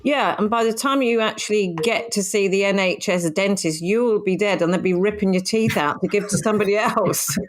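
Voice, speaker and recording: Talking fairly quickly with hardly any pauses, this middle-aged woman has a mid-range voice and co-hosts a casual podcast. She laughs often and argues playfully, recorded on a home podcast microphone.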